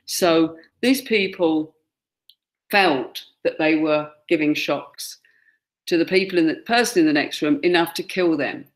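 A woman's voice: low voice, a little slow. A woman gives a classroom lecture, pointing out pictures and acting out quoted lines. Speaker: teacher.

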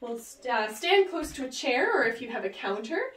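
A woman's voice: high voice, very animated, moderate pace, a bit bright. A woman leading a workout, upbeat and cheering with whoops and countdowns while she exercises along. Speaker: fitness instructor. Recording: roomy, voice distant from the mic.

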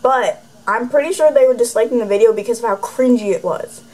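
A woman's voice: on the high side, brisk, a little mellow, rough recording. A teenage girl vlogging to camera from a room at home, rambling and sarcastic, with plenty of "like" in her speech. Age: teens. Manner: rambling and sarcastic, heavy use of "like". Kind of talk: casual chatty vlog. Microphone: camera facing her.

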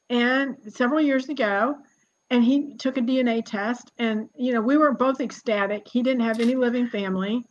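Brief: sixties woman, genealogist guest, lively storyteller, slightly high voice, lo-fi call audio. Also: moderate pace. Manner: lively, chatty, laughs often. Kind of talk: casual storytelling conversation.

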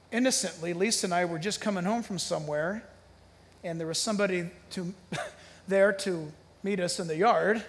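Male pastor, high voice, emphatic preaching in a reverberant church hall. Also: vocal fry. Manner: animated, emphatic preaching with sudden loud peaks and hushed storytelling. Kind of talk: sermon.

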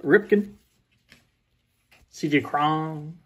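Husky man rattling off card names. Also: fairly high pitch, drawn-out words. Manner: rattling off player names, joking asides. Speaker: card breaker. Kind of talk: casual card-opening chat.

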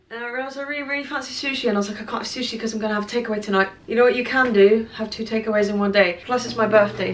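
A bubbly young woman in her twenties chats casually to her camera, quick to laugh. Her voice sits in a middle pitch, and upbeat music plays clearly beneath her talk. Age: 20s. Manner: bubbly, chatty, laughs often. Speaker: vlogger. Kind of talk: casual vlog chat.

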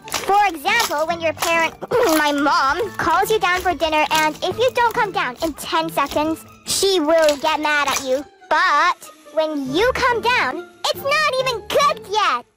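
A text-to-speech woman's voice reading a storytime in a quick, chirpy way. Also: very high voice, lively intonation. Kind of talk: synthetic storytime narration. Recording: music bed under the voice.

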